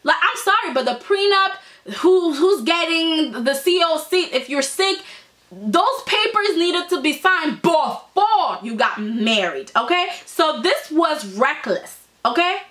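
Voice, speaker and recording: A woman with a high, bright voice reviews soap operas in a casual video, addressing her viewers directly. She's lively and foul-mouthed, frequently tossing in a quick "okay?" to check in.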